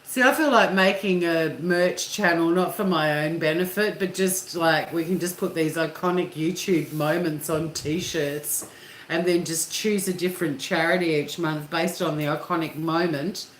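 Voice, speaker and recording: A woman's voice: low voice, fairly even intonation, moderate pace. A woman hosting a casual live chat with viewers, talking candidly and swearing freely. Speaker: livestream host. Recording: echoey room with faint hum.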